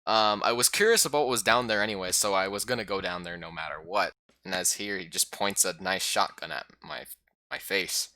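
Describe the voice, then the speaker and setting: A man casually recapping a game he played as a YouTuber, rambling and excitable with lots of fillers. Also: lowish voice, a little fast, no echo.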